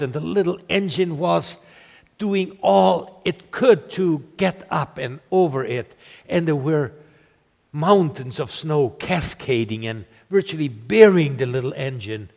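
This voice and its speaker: An older man preaching a sermon, telling a family story slowly and deliberately, building to emphatic points. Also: mid-range voice, creaky, a little mellow. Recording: long hall reverb.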